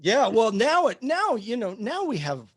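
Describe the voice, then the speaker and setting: A man's voice: extremely high pitch, wildly swooping pitch, a little slow, no room sound. A man teaching history in a casual live class discussion, rambling with many fillers and restarts.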